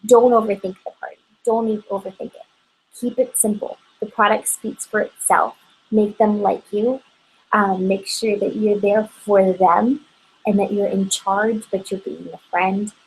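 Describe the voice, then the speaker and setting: Husky-voiced woman coaching a sales team. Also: mid-range voice, steady tone, unhurried, low-quality recording. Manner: upbeat, chatty, keeps checking in with "okay?". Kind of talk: motivational training talk.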